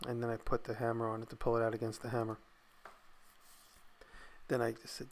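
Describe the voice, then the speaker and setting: Relaxed man narrating his workshop build. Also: medium pitch, fairly quick, pauses often, slight background noise. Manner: relaxed, thinking aloud, tired and yawning. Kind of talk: casual voice-over narration.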